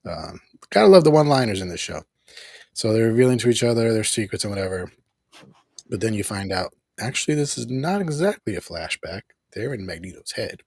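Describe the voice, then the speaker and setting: A man's voice: on the low side, a little mellow, breathy edge, no echo. A man hosting a casual live review stream, easygoing, laughing often and acting out characters' lines as he recaps. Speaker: host reviewing a cartoon episode.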